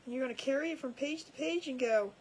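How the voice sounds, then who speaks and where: A woman's voice: high-pitched, quick pace, darkish tone, a little hiss or hum, rough recording. A woman chatting casually to viewers while she crafts, laughing often at her own jokes. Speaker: crafting livestream host. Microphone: camera over a crafting table.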